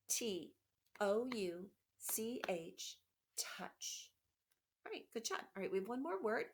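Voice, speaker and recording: A woman teacher giving a remote phonics lesson to children, patient and encouraging, slowly sounding out letters. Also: mid-range voice, vocal fry. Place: home, by a window.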